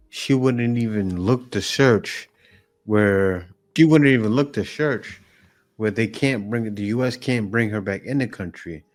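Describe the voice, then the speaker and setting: Here a lower-voiced man, speaking a little slowly, hosts a reaction video with faint music behind him. His commentary on the clips is lively and mocking, and he circles back over the same words while building his argument.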